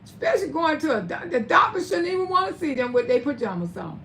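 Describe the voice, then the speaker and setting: High-voiced older woman scolding bluntly. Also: big pitch swings, fast, fairly bright tone, a little hiss or hum. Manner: blunt, scolding, swears freely. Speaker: livestream host. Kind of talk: live-stream commentary.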